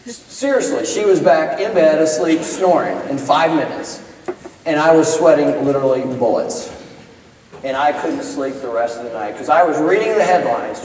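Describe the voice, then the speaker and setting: A middle-aged man from Iowa, a business professor speaking in chapel, telling a story with urgent bursts and hushed stretches. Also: fairly high pitch, animated, normal speed. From Iowa, United States. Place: large chapel hall. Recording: echoey hall, voice from far off.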